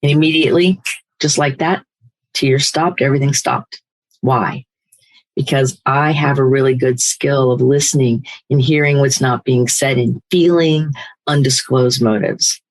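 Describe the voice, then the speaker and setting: An older woman hosting a recovery podcast, speaking in a firm, emphatic, animated motivational way. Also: very deep voice, unhurried, rough recording. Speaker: podcast host, recovery coach. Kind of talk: motivational talk.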